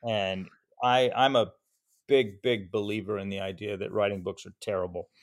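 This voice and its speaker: Smooth mellow Southern man. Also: fairly low pitch, moderate pace, dry recording, studio quality. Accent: Southern American. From Alabama. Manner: animated anecdotal storytelling. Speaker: podcast guest. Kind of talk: casual podcast chat.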